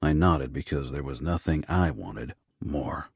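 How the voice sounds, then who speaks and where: A man narrating a first-person romance audiobook in a low, rough, hushed delivery. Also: a little slow, no room sound, clean studio sound.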